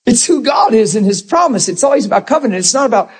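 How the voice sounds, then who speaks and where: Man, preacher, husky voice, slightly high pitch, conversational sermon. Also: fast, few pauses, poor audio. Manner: conversational, animated, acts out quoted people.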